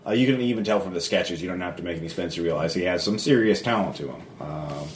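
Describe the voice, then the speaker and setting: A man narrating as game master in a tabletop game, halting with many fillers. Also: deep voice, a crowd in the background. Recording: echoey room from a distance, background noise.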